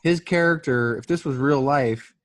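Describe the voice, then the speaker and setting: A man's voice: mid-range voice, normal speed, slight background noise. A man co-hosting a podcast, recapping a movie in casual chat with a wry, incredulous manner. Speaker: podcast co-host.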